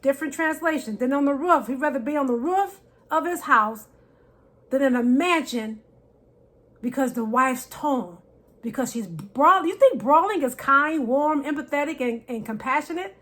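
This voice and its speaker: A woman giving faith-based marriage advice to women, emphatic and preacherly, repeating key phrases and dropping from loud to soft. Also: high-pitched, animated, moderate pace. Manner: preacherly, quotes scripture, shifts loud to soft.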